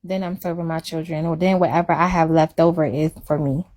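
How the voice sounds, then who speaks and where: A woman's voice: sits low, level tone, fairly quick, darkish tone. A woman chatting casually on a live stream, emphatic and repetitive for effect. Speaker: livestreamer.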